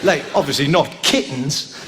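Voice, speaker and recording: A man doing a live stand-up routine, rambling and tagging lines with "right?", breaking into sudden shouts. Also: fairly high pitch, moderate pace. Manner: bursts into shouts. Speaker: stand-up comedian. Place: live comedy venue with audience. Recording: live show with crowd noise.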